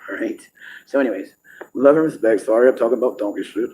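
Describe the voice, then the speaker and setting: A man's voice: mid-range voice, fast, darkish tone, slight background noise, rough recording. A man talking in a rambling, profane monologue, laughing often and restarting his sentences.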